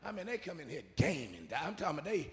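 A man a call-and-response sermon, repeating his phrases and swinging from soft asides to shouts. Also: fairly high pitch, big pitch swings, fast talker. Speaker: preacher. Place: church sanctuary. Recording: preaching in a reverberant church hall.

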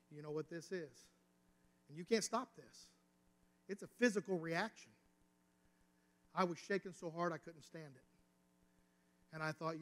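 In a church sanctuary, a pastor with a somewhat high, slightly bright voice preaches a sermon built around a personal story, his intensity rising and falling. The recording carries the reverb of a church hall.

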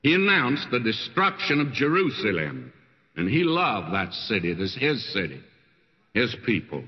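An older man preaching a sermon as a pastor, telling stories in a folksy, animated way. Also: normal speed. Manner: folksy storytelling preacher with wide swings in pitch. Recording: dull lo-fi archival sermon recording with long hall reverb.

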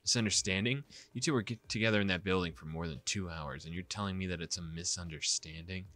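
A man voicing a jealous, possessive young man in a visual novel, flat and sarcastic. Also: sits low, fast. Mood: accusing.

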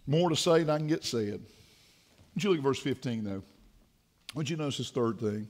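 A man preaching a sermon in a church, fervent, moving from hushed passages to shouting. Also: fairly high pitch, sing-song, moderate pace, long pauses. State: dry mouth. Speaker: pastor. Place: church sanctuary.

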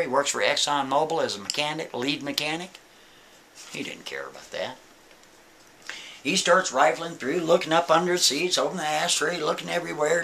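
A man's voice: on the high side, pushed and bright, a little hiss or hum. A man telling a story in a folksy, conversational way, often checking in with the listener. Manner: folksy, conversational, keeps asking "right?". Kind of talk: casual spoken storytelling.

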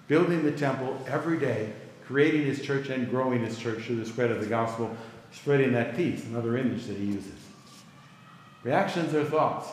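A middle-aged male pastor teaches a Bible class conversationally, pausing to ask the class for their reactions. His voice is medium-pitched, and the recording carries a little hiss or hum in an echoey hall with long reverb.

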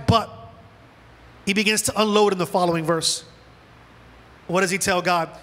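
Animated high-voiced male pastor preaching. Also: moderate pace, big-room sound. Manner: animated preaching, acts out dialogue with God. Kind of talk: sermon. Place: church sanctuary.

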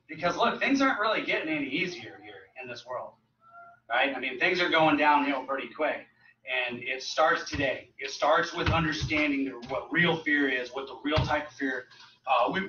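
Man preaching, bright tense voice, casual joking delivery, roomy distant church recording. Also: medium pitch, muffled recording, a little hiss or hum. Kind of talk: sermon. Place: church sanctuary.

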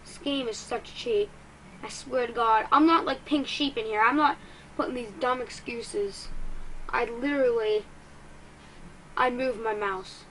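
A gaming YouTuber with a slightly high voice excitedly comments on her let's-play, quick to frustration and teasing herself. The low-quality recording carries a faint hiss or hum.

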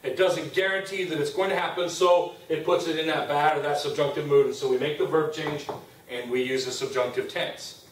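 A man's voice: a little high, steady tone, fairly quick, slight background noise. A man teaching a Spanish grammar class as a lecture, explaining step by step and often checking in with "okay?". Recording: roomy classroom sound from a distance.

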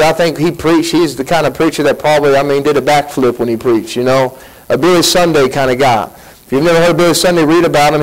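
A man preaching a sermon as pastor, folksy and animated, acting out quotes as he goes. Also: a little high, low-quality recording. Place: church sanctuary.

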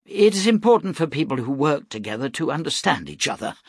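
A man's voice: fairly high pitch, big pitch swings, a little fast, breathy edge, dry recording, studio quality, voice pushed up, full character voice. A man reading aloud plays a fussy, stammering innkeeper who pushes his point. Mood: eager. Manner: flustered, stammering, pushy. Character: excitable, fussy male innkeeper.

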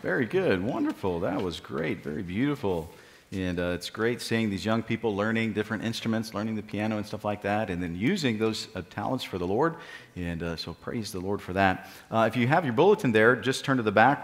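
A man leading church announcements as pastor, encouraging and halting, with frequent filler sounds. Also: lowish voice. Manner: encouraging, praising children after they recite. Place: church sanctuary. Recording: live-streamed church service with long hall reverb.

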